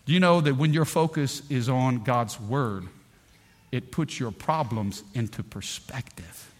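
A middle-aged man preaching a sermon in a church. He tells stories with energy, swings between loud bursts and hushed lines, and calls out to the congregation. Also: medium pitch, a little slow. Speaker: pastor.

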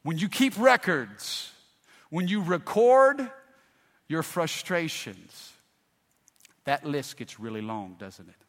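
A middle-aged man preaching a sermon, telling folksy stories and swinging from hushed to loud. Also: a little high, very animated, slow, pauses often. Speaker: pastor. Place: large church hall. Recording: long hall reverb.

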